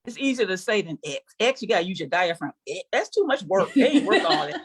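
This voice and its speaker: A woman's voice: medium pitch, very animated, a little fast, slightly rough. An older woman performing a sassy, conversational stand-up comedy set on stage before a live audience, teasing the crowd.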